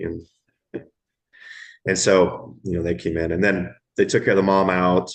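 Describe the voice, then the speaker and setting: A middle-aged man, telling stories from his years as an emergency room medic in a podcast interview, slow and halting, repeating words as he goes. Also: deep voice, flat delivery, creaky. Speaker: guest, former ER medic.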